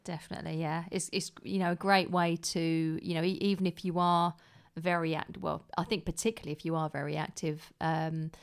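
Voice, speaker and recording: Brit woman co-host, low gravelly voice, kinda hesitant, lots of um and you know. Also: flat delivery, brisk, few pauses. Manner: hesitant, many fillers and restarts, agreeable. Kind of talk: casual radio chat.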